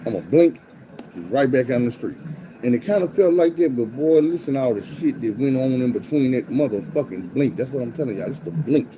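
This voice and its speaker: A man tells a story in casual, profane street slang, acting out quotes with animated swings in his voice. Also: mid-range voice, fairly quick, highs cut off.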